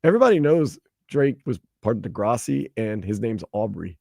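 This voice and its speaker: Lively male sports radio host. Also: lowish voice, moderate pace, vocal fry, no room sound, clean studio sound. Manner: chatty, animated, acts out quoted people in raised voices. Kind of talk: casual sports radio chat.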